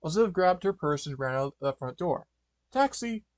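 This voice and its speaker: A man's voice: fairly high pitch, fast talker, no echo. A man reading a fan story aloud, stumbling, restarting and correcting words as he goes. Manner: stumbling, frequent restarts and fillers. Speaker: fanfiction reader.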